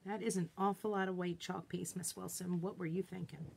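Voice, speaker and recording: A woman's voice: on the low side, steady tone, brisk, gravelly, a little hiss or hum. A woman hosting a casual live craft tutorial, chatting and greeting viewers by name, joking about her own slip-ups. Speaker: craft demonstration host.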